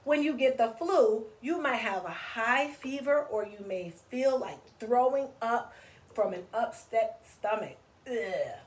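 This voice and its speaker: A woman's voice: fairly high pitch, lively intonation, slow pace. A woman voicing a cheerful young schoolgirl who proudly presents her EpiPen at show and tell in a read-aloud storybook.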